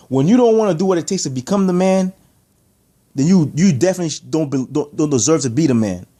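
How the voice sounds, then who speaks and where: Speaking to camera in a high, warm voice, a boxing commentator delivers a heated, opinionated rant. He stresses his points emphatically, repeats them, and stacks one rhetorical question on another.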